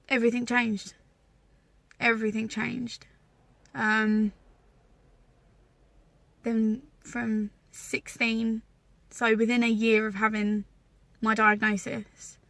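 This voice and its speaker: A young woman from England talks straight to camera, candid and wry, about her own life. Her voice sits a touch high with a gravelly fry, and the sound is dry and close. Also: fairly bright tone, dry recording. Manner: candid, wry, emotional at times. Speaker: vlogger. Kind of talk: personal storytelling to camera.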